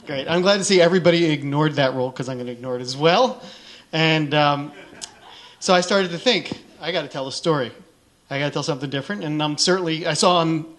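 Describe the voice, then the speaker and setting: A man's voice: medium pitch, fairly bright tone. A middle-aged man speaking on a conference stage, telling a candid personal story in a casual way and acting out the dialogue he quotes.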